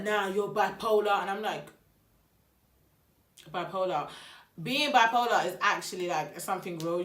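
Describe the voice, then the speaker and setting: Young woman, casual storytime delivery with quoted back-and-forth, lowish voice, echoey room. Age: young adult. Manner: chatty, animated retelling with quoted dialogue.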